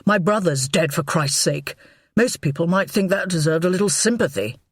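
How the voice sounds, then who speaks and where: A woman's voice: fairly low pitch, animated, moderate pace, slightly rough, no echo. A woman reading an audiobook, voicing a middle-aged husband who talks doggedly and a little defensively. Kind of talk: audiobook character voice.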